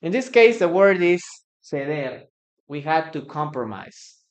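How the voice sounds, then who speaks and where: This medium-pitched voice has lively intonation and a measured pace. It belongs to a native Spanish speaker from Peru teaching English in a live online session, with a Peruvian Spanish accent. Words get repeated for pronunciation practice, and viewers are thanked again and again.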